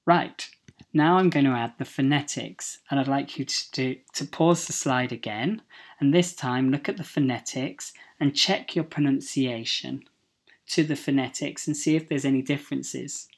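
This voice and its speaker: A woman's voice: rumbling low, moderate pace, husky. A woman English teacher with a British accent giving a recorded pronunciation lesson over slides, carefully saying each word twice for students to copy.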